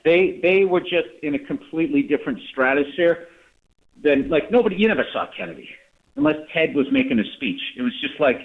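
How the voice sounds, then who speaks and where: A man's voice: a little high, lively intonation, brisk. Wry Boston man on a phone line. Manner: rambling, wry, blunt storytelling. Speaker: guest comedian. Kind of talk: casual radio interview chat. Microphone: phone call into radio show.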